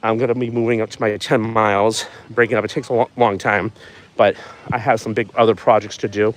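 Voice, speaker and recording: A man's voice: lowish voice, little pitch movement, brisk. A man hosting a wellness live stream, talking casually and encouragingly while walking outdoors at a track at night, recorded on a phone. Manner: rambling, folksy, encouraging. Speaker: wellness channel host.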